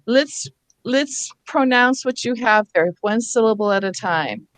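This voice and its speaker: A woman's voice: on the high side, lively intonation, measured pace, no room sound. A woman leading a teacher workshop on reading over a video call, patiently sounding out words syllable by syllable. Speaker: reading instructor.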